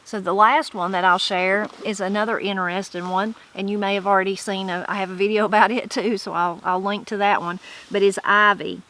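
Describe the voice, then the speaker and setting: Here a middle-aged Southern Appalachian woman, the channel's host, mixes casual chatter with reading from old sources like a dictionary, self-correcting in a folksy manner. Her mid-range voice is steady, fairly quick and a bit bright, with few pauses, in a low-quality recording.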